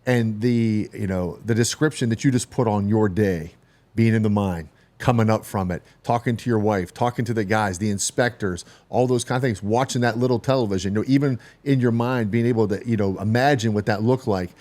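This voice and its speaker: A man's voice: fairly low pitch, a little fast, darkish tone. A man speaking as a podcast guest in a reflective, earnest way, asking questions in long strung-out sentences. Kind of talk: conversational interview.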